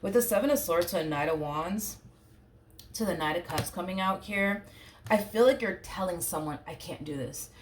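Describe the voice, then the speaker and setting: Low-voiced lady doing a chatty tarot reading, keeps saying you know what i mean, faint hiss behind. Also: moderate pace. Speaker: tarot reader. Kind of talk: casual tarot reading to camera.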